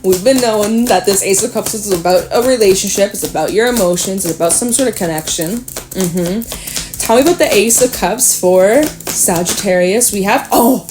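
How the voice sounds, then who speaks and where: A woman giving a casual tarot reading, talking straight to the listener, chatty and swearing freely, animated at times. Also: medium pitch, normal speed, music in the background. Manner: animated, with sudden laughs and exclamations. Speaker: tarot reader.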